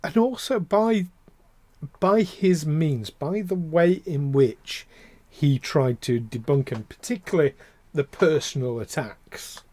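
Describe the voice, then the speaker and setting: A man co-hosting a podcast talks casually but with passion, ranting in an impassioned way full of fillers and restarts. His voice is on the high side, slow and dark in tone, with no echo.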